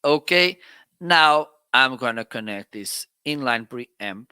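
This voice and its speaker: Slow, bright-voiced man demoing microphones. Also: medium pitch, lively intonation, smooth, dry recording. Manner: chatty, tests gear aloud with counting and laughs. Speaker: product reviewer hosting a live shopping stream. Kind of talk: casual live-stream product demo. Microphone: swapping between studio microphones.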